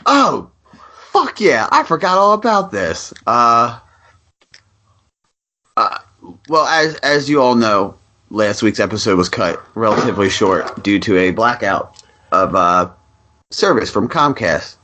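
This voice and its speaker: Man, podcast co-host, animated storyteller, acts out calls, casual swearing. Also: on the low side, a little slow, long pauses. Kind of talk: casual chat.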